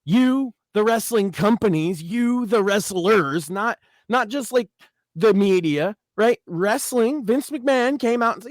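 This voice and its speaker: Male co-host, fairly high voice, opinionated and ranting, casual show chat. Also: lively intonation, a little slow, dry recording, clean studio sound. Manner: opinionated, ranting, mocking quotes. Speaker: podcast co-host.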